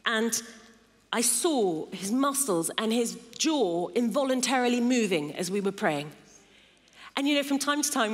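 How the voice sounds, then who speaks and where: A middle-aged woman preaching a sermon in a large church, building emphatic lists of phrases. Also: a little high. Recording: long hall reverb.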